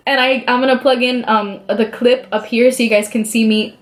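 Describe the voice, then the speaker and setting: A young woman telling a story in a casual, chatty way while doing her makeup, full of "like" and animated quoting of other people. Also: on the high side, normal speed. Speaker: beauty vlogger.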